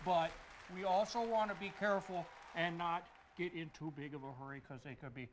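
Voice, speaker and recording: A man's voice: fairly high pitch, a little hiss or hum, close to an everyday voice. A man playing a jolly old Santa Claus. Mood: earnest. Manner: slow, deliberate safety advice between hearty ho-ho-hos. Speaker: guest character on a local kids' show. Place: local public access TV studio.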